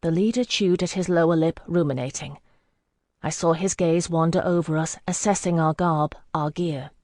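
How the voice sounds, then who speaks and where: Steady fantasy audiobook narrator. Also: medium pitch, moderate pace, no room sound, studio quality.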